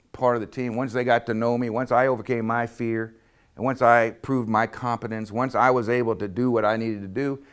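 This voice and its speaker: A man's voice: medium pitch, smooth. Man telling a funny personal story. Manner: self-deprecating, humorous anecdotes.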